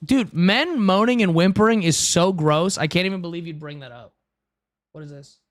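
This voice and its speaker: Gaming live from home, a young man keeps up crude, joking casual chat full of "dude," heard close on a headset mic. His voice is high with a moderate pace, and there's no room sound.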